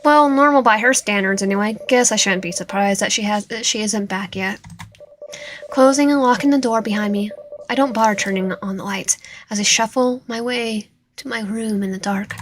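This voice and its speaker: A woman streaming a visual novel, reading its narration and dialogue aloud with lively reactions, now and then dropping to a whisper. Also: medium pitch, normal speed, a little hiss or hum. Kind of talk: reading game text aloud while playing.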